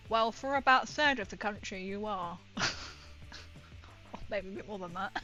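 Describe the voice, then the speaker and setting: Painting on stream, this northern English woman keeps up casual, playful chatter and laughs often. She speaks at medium pitch, a little slowly, pausing often, with a bright and forceful tone. The audio is dull and faint music plays behind her.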